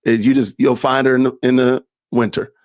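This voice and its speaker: A man's voice: medium pitch, flat delivery, fairly quick, a little mellow, no room sound, studio quality. A man giving casual reaction commentary, incredulous and laughing, with folksy asides. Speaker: commentary streamer.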